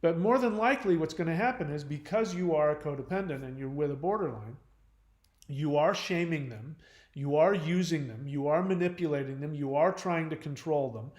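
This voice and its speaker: A man speaks frankly and bluntly as he hosts a live advice stream, answering questions from chat. His delivery rambles loosely with fillers and restarts, and his voice sits a little high. The sound carries a clear roomy echo. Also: normal speed, darkish tone. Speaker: channel host on relationships and codependency.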